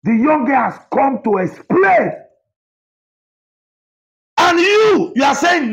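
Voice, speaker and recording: A Nigerian man, a pastor, delivering a fiery rebuke to camera, shouting and repeating himself as he mixes Pidgin with English. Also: very high-pitched, very animated, slow pace, long pauses.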